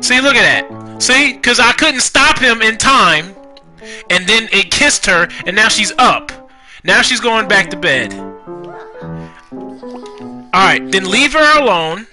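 A young man giving casual, profane commentary while playing a life-simulation game, scolding the characters out loud. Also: high voice, slow, pauses often, soft background music. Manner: animated, profane, talks to the game characters, rhymes jokingly. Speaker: gaming YouTuber. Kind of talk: casual Let's Play commentary.

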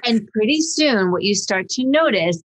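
A woman hosting a dog-training podcast in casual chat, animated and acting out voices of dogs and owners. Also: medium pitch, normal speed, low-quality recording.

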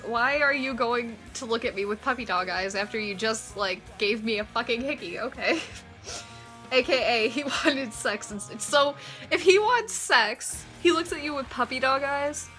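A woman's voice: a little high, normal speed, sharp tone, faint music behind. A young woman reading fan fiction aloud on her channel, breaking off with giggly, sarcastic comments. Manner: giggly, sarcastic asides between read passages.

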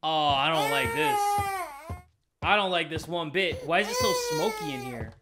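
A young man playing a horror game and commenting as he goes, casual and slangy, reading the prompts aloud and yelping and shouting whenever something startles him. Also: fairly high pitch, huge pitch swings, normal speed, heavy background noise. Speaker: gaming YouTuber. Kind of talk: let's play commentary.

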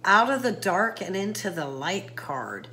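A woman's voice: medium pitch, sing-song, unhurried, pushed and bright, slight background noise, low-quality recording. A woman doing a casual tarot reading to camera, chatty, with many fillers and talking straight to the viewer. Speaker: psychic tarot reader.

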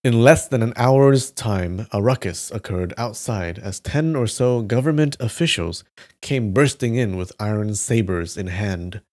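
A man reads a story aloud on a live stream in a lowish voice. His narration is steady and plain. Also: unhurried. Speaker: live reader.

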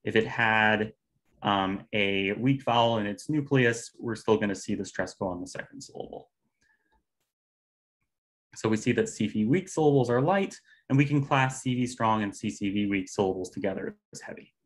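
Low-voiced man presenting linguistics research. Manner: measured, uses fillers. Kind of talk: academic talk on phonology.

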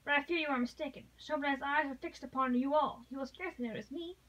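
A woman's voice: sits high, quick pace, a bit bright, distant mic, highs cut off. A woman voicing a noble English lady who pleads with passion, read aloud from a novel. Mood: pleading. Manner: impassioned, pleading.

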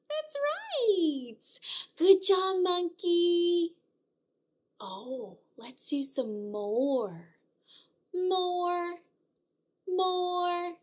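Very high, sing-song woman speech therapist. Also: very animated. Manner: exaggerated sing-song delivery with frequent gasps; slow, drawn-out words for toddlers. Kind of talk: toddler learning video.

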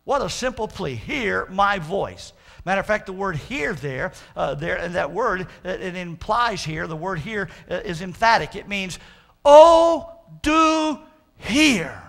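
A man's voice: high voice, animated, moderate pace, vocal fry, hardly any pauses, bright, forceful tone. A male pastor preaching a fervent sermon, stretching out his quotes of scripture for emphasis.

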